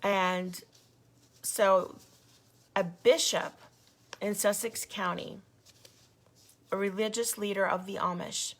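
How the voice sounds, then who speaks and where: A woman's voice: mid-range voice, fairly even intonation, slow, long pauses, a bit bright. A woman giving a passionate, indignant update to her group's followers, emphatic and given to repeating herself. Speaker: grassroots group leader. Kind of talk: impassioned video update.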